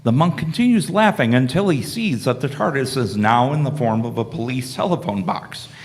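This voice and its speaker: A man narrating the stage directions of a live fan radio play in plain, steady narration. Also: medium pitch, moderate pace.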